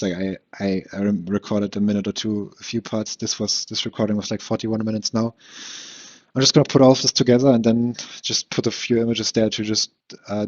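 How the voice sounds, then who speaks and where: Young guy rambling on his own podcast, slight lisp, kinda husky and low, dull lo-fi home mic. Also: darkish tone, no echo. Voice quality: slight lisp, slurring words. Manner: rambling, profane, self-deprecating, lots of fillers and restarts. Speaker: podcast host. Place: room at home.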